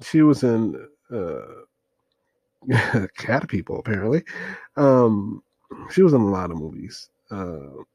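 A man's voice: on the low side, very animated, slow, long pauses, a little mellow, husky, no echo. Rambling man reviewing a movie, dry sound. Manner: rambling, hesitant, many fillers, looking things up as he talks. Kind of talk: casual movie review monologue.

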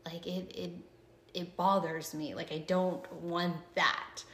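A woman's voice: fairly low pitch, flat delivery, slow, a bit bright, a little hiss or hum. A woman hosting a podcast, telling stories in casual chat and filling her speech with "like". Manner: chatty storyteller, fills speech with "like". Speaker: podcast host. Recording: echoey room.

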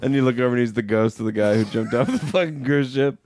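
A man's voice: mid-range voice, fast talker, darkish tone. A man co-hosting a comedy podcast, dropping dry, crude asides. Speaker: podcast co-host. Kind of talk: casual comedic chat.

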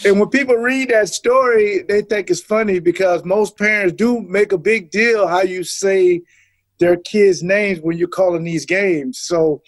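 A man's voice: high voice, unhurried, no room sound. A middle-aged man and former pro football player, a guest telling stories in a casual interview and acting out the voices of the people he quotes.

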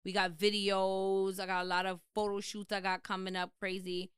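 A woman's voice: mid-range voice, level tone, moderate pace, fairly bright tone, clean tone, no room sound, studio quality. A young woman from the West Indies, a musician guest, talking in a casual, slangy interview and telling stories with lots of animation. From West Indian.

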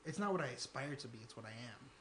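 A man's voice: medium pitch, expressive, fast, fairly bright tone, slight background noise. A young man from Texas, a stand-up comedian, talking loosely in a casual interview with lots of fillers and laughs. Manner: loose and chatty, filler-heavy, laughs between lines.

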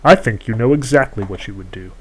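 A man's voice: fairly low pitch, lively intonation, fast talker, husky, rough recording. A man voicing a defiant young princess. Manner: firm, accusing.

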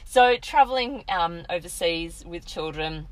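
A woman's voice: lowish voice, lively intonation, unhurried, rough recording. Chatty woman telling a story. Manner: chatty storytelling with laughs and acted quotes. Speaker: podcast co-host. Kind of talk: casual chat.

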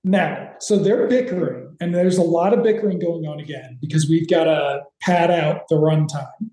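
A man's voice: a little high, moderate pace, warm tone, reverberant, low-quality recording. A man co-hosting a podcast, recapping a TV episode in rambling casual chat with sarcastic asides. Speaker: podcast co-host.

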